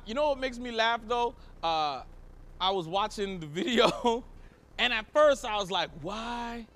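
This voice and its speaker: A young Canadian comedian works a live crowd from the stage, his voice pitched unusually high with a gravelly rasp. He talks in bright, swooping bursts, laughs at his own jokes and shouts the punchlines. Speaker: stand-up comedian. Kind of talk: stand-up comedy set. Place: event stage before a live audience.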